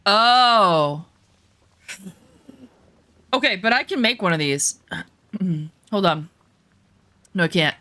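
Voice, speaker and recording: Woman streamer, casual gameplay chat, slow easy pace, jokey, swears, self-mocking, dry close sound. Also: mid-range voice, expressive, pushed and bright, no room sound. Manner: joking, swears freely, teases chat; self-mocking, easily flustered.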